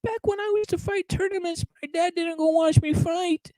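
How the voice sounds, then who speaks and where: A man's voice: extremely high pitch, steady tone, normal speed, mellow, no echo, voice pushed up. A man voicing a whiny, spoiled young male boxer who complains about his childhood. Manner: whining, sing-song mockery.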